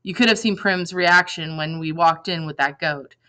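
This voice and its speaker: A woman reading a novel aloud in lively first-person narration, acting out the dialogue. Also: fairly low pitch, normal speed, rough recording. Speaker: reader.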